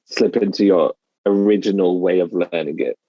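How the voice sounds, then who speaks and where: A man with a Midlands English accent, a dialect coach explaining his methods in a podcast interview in a measured way. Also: low-pitched, dark tone, no echo, lo-fi sound. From England.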